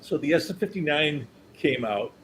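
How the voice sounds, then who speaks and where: A man's voice: fairly high pitch, normal speed, slight background noise, poor audio. An older man who works as a company historian, telling stories as a guest and acting out the people he quotes. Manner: animated storyteller, acts out quotes, chuckles. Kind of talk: anecdotal storytelling.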